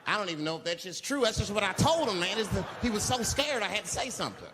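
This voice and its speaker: A man doing a stand-up comedy routine, telling loose stories and acting out characters with sudden shrieks and shouts. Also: sits high, expressive, quick pace, background noise. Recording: live theater with crowd and long reverb. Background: audience laughter.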